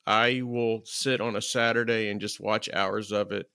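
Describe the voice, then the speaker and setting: Casting: male podcast host, bright, punchy voice, dry close mic, chatty storyteller. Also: lowish voice, a little slow, smooth, no room sound. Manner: chatty, animated storyteller acting out quotes. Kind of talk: casual interview chat.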